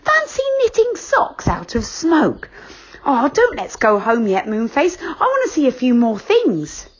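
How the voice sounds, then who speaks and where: A woman voicing an excitable, curious young boy in a read-aloud storybook, bright and breathless. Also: high voice, measured pace, breathy edge, muffled recording, voice pushed up, full character voice. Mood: excited.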